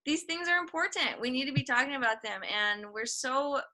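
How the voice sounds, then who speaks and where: A young woman hosts a casual interview podcast with an enthusiastic manner. Her voice is high and very bright. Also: expressive, low-quality recording. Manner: enthusiastic, quick to laugh. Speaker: podcast host.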